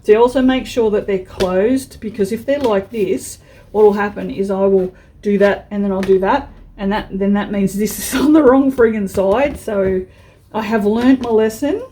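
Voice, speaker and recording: A woman's voice: mid-range voice, moderate pace, mellow, a little hiss or hum, low-quality recording. A woman vlogger chatting frankly while she works on a craft project, with mild swearing and many restarts. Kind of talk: casual chat while crafting.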